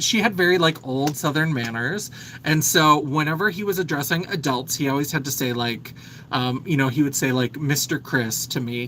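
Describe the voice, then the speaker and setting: A man's voice: fairly high pitch, fairly bright tone, a little hiss or hum, low-quality recording. A man in his thirties hosting a casual makeup livestream, chatting and reading viewer comments aloud. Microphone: phone.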